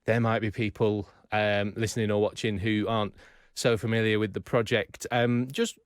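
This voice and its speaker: A man's voice: fairly low pitch, flat delivery, normal speed, clean tone, no room sound, studio quality. A man interviewing a guest for a broadcast, asking questions politely.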